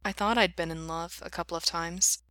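A shy, anxious young man who speaks quietly and hesitantly, as a woman reading the story puts him on. The voice sits low but sounds bright and forceful. The sound is dry and close. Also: fairly even intonation, fairly quick, dry recording.

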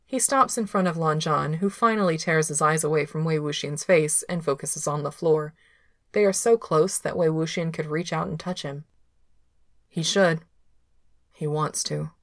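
A woman reading a story aloud in a steady, unhurried way, close to the microphone. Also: deep voice, dry recording. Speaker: reader of fan fiction. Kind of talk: audiobook narration.

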